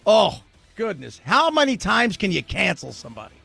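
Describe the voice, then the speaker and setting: A man's voice: sits high, huge pitch swings, moderate pace, gravelly, bright, forceful tone, slightly rough, no room sound, soft background music. Dry, wry-voiced male radio host. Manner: wry and sarcastic, laughs at his own asides. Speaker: radio talk show host. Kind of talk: casual talk radio commentary.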